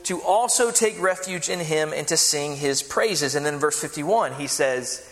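A man's voice: a little high, animated, moderate pace, a bit bright. Man preaching a sermon in an echoing hall. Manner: earnest preaching with fillers and restarts. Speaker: pastor. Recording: long hall reverb.

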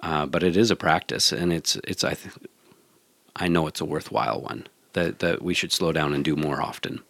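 A man's voice: a bass voice, normal speed, fairly bright tone, no room sound. A man, a yoga teacher, in a casual podcast chat, earnest and reflective, often restarting his sentences.

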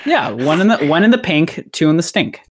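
Woman, low-pitched, lively intonation, rambling podcast storyteller who laughs a lot. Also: brisk, slight background noise. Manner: rambling, laughs often, acts out characters' lines. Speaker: podcast host explaining a story plot. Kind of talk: casual comedic podcast chat.

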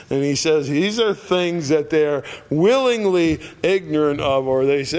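A man's voice: a little high, animated, measured pace, hardly any pauses, darkish tone. A man teaching a Bible passage in a conversational, folksy way, with many fillers and acted-out quotes. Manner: folksy, filler-heavy, acts out scoffers' voices.

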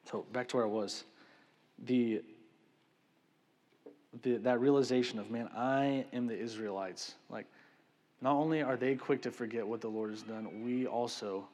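Conversational preacher in a reverberant hall. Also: male voice, mid-range voice, moderate pace, long pauses. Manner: conversational, animated preaching with frequent "right?" and "man". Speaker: pastor. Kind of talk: sermon. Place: church sanctuary.

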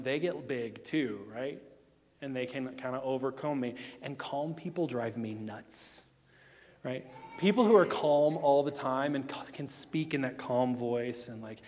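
A man in his thirties preaching a sermon, emphatic, swinging between loud declarations and hushed moments. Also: mid-range voice, in a large hall. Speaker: pastor.

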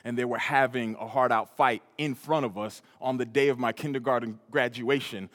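A pastor from New York preaching a sermon, telling a personal story with repeated, emphatic phrases. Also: male voice, medium pitch, steady tone, normal speed, a bit bright. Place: church hall. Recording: reverberant hall.

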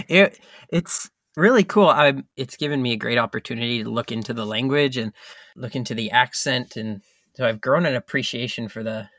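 A man's voice: mid-range voice, moderate pace, fairly bright tone, dry recording, clean studio sound. A young man, a guest actor, chatting casually in an easygoing way and laughing often. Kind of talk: casual interview chat.

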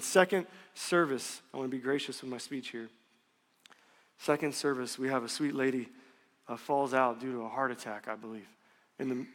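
Candid storytelling pastor in a reverberant hall. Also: male voice, on the high side. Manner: candid, conversational, animated storytelling. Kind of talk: sermon with personal story. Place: church sanctuary. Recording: long reverb of a church hall.

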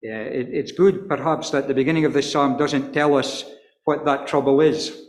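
A man preaching an earnest expository sermon, stumbling and repeating words, and reading scripture slowly in old-fashioned wording. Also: medium pitch, fairly even intonation. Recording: echoey hall with long reverb.

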